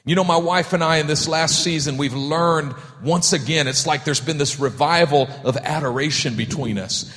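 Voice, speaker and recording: A man preaching a sermon as pastor, animated and humorous, acting out voices in his stories. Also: a little high, long reverb tail. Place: church.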